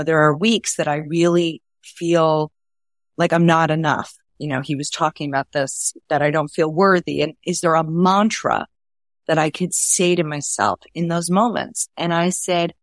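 A woman's voice: deep voice, steady tone, moderate pace, no echo, clean studio sound. A woman, a guest author telling stories earnestly and acting out what people said. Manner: earnest, acts out quoted dialogue. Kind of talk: conversational storytelling.

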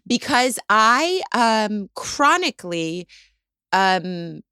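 A woman's voice: mid-range voice, sing-song, extremely slow, bright, forceful tone, clean tone, no echo, clean studio sound. A woman co-hosting a casual podcast chat, candid and self-mocking, with casual swearing. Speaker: podcast co-host.

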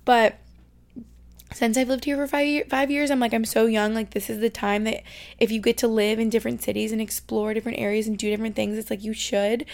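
A young woman from New York State hosts a podcast from her bedroom, chatting casually with lots of "like" fillers. Her voice is on the high side and gravelly, and she sometimes slips into soft, whispery asides.

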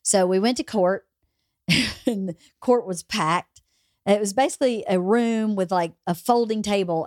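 A woman's voice: mid-range voice, darkish tone, dry recording, clean studio sound. A woman hosting a podcast, telling a funny personal story in casual chat and laughing through it. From small rural town in the US. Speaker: podcast host.

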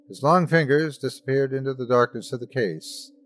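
A man's voice: mid-range voice, big pitch swings, normal speed, few pauses, soft background music. A man hosting a podcast, giving theatrical, dramatic narration of horror stories. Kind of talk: scripted horror story narration.

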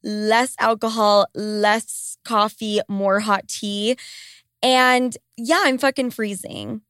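A woman's voice: medium pitch, fairly even intonation, takes it slowly, a bit bright, clean tone, dry recording. A woman in her twenties hosting a casual solo podcast, congested with a cold and talking in a profane, sarcastic, rambling way from a small basement home studio. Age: 20s. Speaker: podcast host. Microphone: studio microphone.

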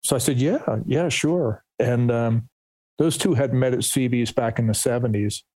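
A man's voice: medium pitch, fairly even intonation, normal speed, mellow, no echo. A middle-aged man, a musician guest, telling stories in a casual interview, rambling with restarts and quoting others. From New Jersey, USA.

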